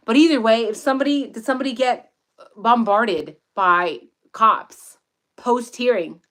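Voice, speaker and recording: A woman giving casual livestream commentary outdoors in the woods, profane, excitable and rambling as she reads the chat. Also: a little high, normal speed. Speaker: true-crime commentator.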